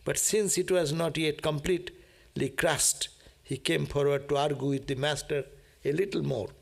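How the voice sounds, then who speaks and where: A man's voice: fairly high pitch, fairly even intonation, normal speed, vocal fry. A man who reads from scripture and explains it in a chatty way, asking "no?" and laughing often. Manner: laughs often and acts out prayers. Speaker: monk teaching a scripture class. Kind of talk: scripture reading with commentary.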